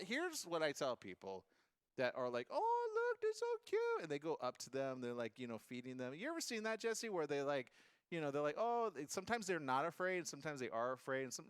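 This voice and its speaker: Man, talk-show host, animated swooping delivery, dry close studio sound, jokey and chatty. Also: fairly high pitch, clean tone, no room sound. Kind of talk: casual talk-show chat.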